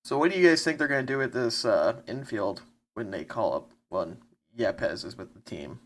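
A man with a medium-pitched, ordinary voice, chatting casually as a podcast co-host. He rambles in a laid-back way and laughs often between thoughts. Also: expressive, normal speed, vocal fry. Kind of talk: casual chat about baseball.

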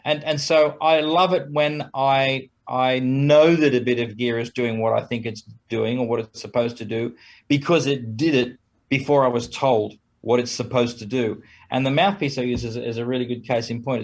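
A man who plays trumpet, talking casually as an interview guest, chuckling between points and acting out quoted exchanges in a raised voice. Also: medium pitch.

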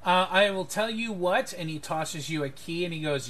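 A man's voice: high-pitched, expressive, normal speed, fairly bright tone. A man narrating a tabletop game as game master, rambling with fillers and restarts.

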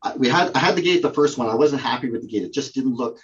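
A man's voice: mid-range voice, animated, fast, lo-fi sound. A man, a guest who owns a prop company, telling a story in casual conversation, with many fillers and restarts.

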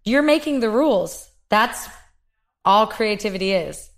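Relaxed young woman hosting a podcast. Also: medium pitch, a little slow. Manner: relaxed, chatty, thanks listeners. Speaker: podcast host. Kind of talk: casual chat.

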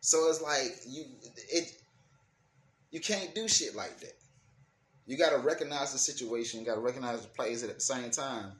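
A man's voice: mid-range voice, moderate pace. A man speaking in African American Vernacular English, ranting casually and emphatically with profanity, restarting and repeating words as he thinks. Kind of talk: casual opinion rant to camera. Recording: echoey room with faint ambient noise.

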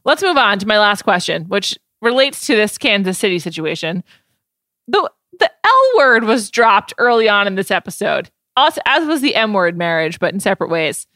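A woman co-hosting a casual podcast chat, lively and chatty, full of "like." Her voice sits at an ordinary middle pitch. The sound is dry and close, with no room around it. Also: normal speed, no room sound. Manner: chatty, animated, says "like" often. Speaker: podcast co-host.

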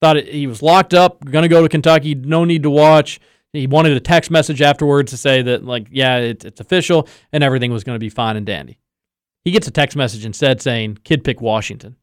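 A man hosting a sports podcast, telling a story in a lively casual way and acting out the quotes. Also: mid-range voice, fairly quick, smooth, no echo, studio quality. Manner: animated storyteller, acts out quotes. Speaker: podcast host.

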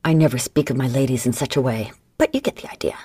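A woman's voice: extremely low pitch, fast, warm tone, slightly rough, no room sound. A woman voicing a wry, nervous male gambler with dry wisecracks.

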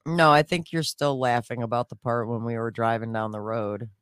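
A woman's voice: a bass voice, steady tone, normal speed, clean tone, dry recording, studio quality. A woman co-host in casual chat who laughs often and talks in a loose, casual way.

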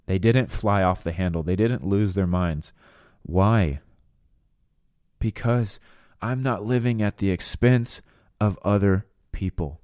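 A man with a fairly low voice, preaching with earnest conviction on a podcast. He builds his points with stories and rhetorical questions. The close mic gives a dry, intimate sound. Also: a little mellow, dry recording. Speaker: podcast minister. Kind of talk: preaching monologue.

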